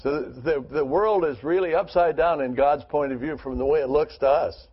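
A man's voice: on the high side, normal speed, breathy edge, highs cut off. A man leading a Bible study group, reading scripture aloud and then talking it over earnestly with rhetorical questions.

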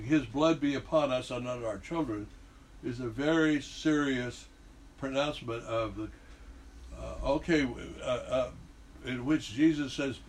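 A man's voice: medium pitch, slightly rough, poor audio. Man teaching scripture conversationally. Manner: conversational, reads scripture then explains with hesitations. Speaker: Bible teacher. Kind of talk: informal Bible teaching.

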